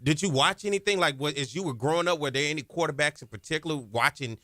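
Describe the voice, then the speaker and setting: Host: man, slightly high lively voice, bright, dry close mic. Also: fast, dry recording. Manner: encouraging, frequent mm-hmms and laughs, slangy. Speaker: podcast host. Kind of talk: casual interview.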